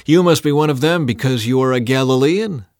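A man's voice: mid-range voice, brisk, darkish tone, dry recording, clean studio sound, voice pushed up, natural voice. A man playing insistent accusing bystanders.

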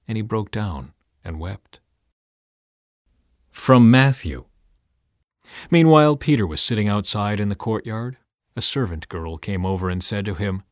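A man narrating a scripted scripture reading with an expressive, dramatic delivery. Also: on the low side, moderate pace, no echo, clean studio sound.

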